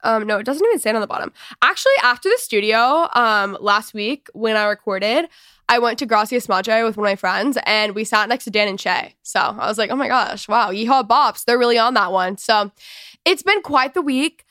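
A young woman from Texas hosts a chatty podcast, bubbly and rambling. Her voice sits fairly high. The sound is close and dry. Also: expressive, normal speed, bright, forceful tone, no echo. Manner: bubbly, rambling, lots of "oh my gosh" and "like". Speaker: podcast host. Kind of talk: casual podcast chat.

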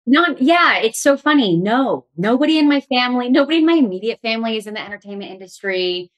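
Laughing Californian actress, chatty. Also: female voice, fairly high pitch, fast talker. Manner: laughs often, animated. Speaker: actress guest. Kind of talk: casual interview chat.

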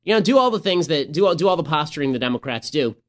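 A man's voice: fairly high pitch, animated, fast talker. A man hosting a political commentary podcast, talking in a sarcastic, mocking way. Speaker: podcast host.

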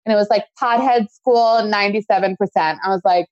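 A woman hosting a casual podcast, rambling from one thought to the next and swearing freely. Her voice is mid-pitched. It sounds dry and a little muffled. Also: a little fast, darkish tone, no echo. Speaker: podcast host.

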